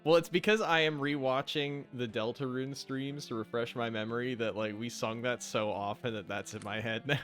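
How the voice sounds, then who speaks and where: A man's voice: medium pitch, steady tone, normal speed, hardly any pauses, fairly bright tone, soft background music. A young man chatting casually as a co-host while playing a game, eager and easily impressed.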